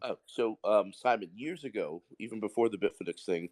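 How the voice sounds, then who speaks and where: A lowish, slightly mellow voice belongs to a caller from the Bronx, New York, who speaks fairly quickly during a live audio Q&A. He asks his question bluntly and emphatically, rambling at length.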